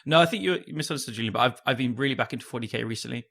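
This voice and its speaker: A man from London with a London accent, co-hosting a casual podcast chat, chatty and quick to tease and laugh. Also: mid-range voice, vocal fry, fairly bright tone. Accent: London English. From London, England. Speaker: podcast co-host.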